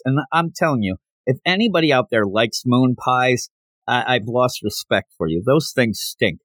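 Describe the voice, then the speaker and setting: A man's voice: mid-range voice, lively intonation, unhurried, a bit bright, dry recording. A man hosting a podcast in a casual solo recap, chatty and digressive, laughing as he goes and acting out quotes. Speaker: podcast host.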